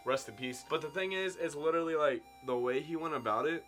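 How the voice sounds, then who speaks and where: A man in his twenties tells a casual story-time tale to his viewers, with big swings in loudness and pitch. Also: animated, fairly quick, faint music behind. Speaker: vlogger telling a story. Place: indoor room at home.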